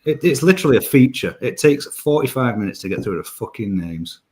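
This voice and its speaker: A man's voice: medium pitch, sing-song, brisk, darkish tone. A man co-hosting a live show, talking bluntly, swearing freely and teasing the others. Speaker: co-host. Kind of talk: casual live-show banter.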